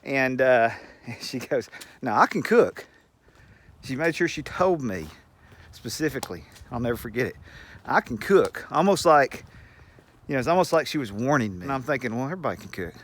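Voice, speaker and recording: A man's voice: medium pitch, expressive, moderate pace, a bit bright. Folksy chuckling man telling a story. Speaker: channel host. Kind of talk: casual storytelling to camera.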